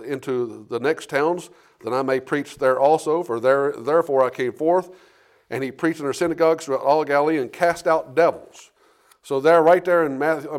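A man preaching to his church, reading verses aloud and explaining them with restarts and questions to the listeners. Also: mid-range voice. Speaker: pastor. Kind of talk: sermon, reading scripture and preaching.

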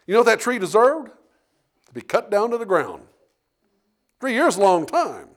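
A man's voice: sits high, very animated, moderate pace. A man preaching a sermon to a church congregation. He asks rhetorical questions, acts out the dialogue of the story and repeats words as he builds his points. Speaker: pastor. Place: church sanctuary.

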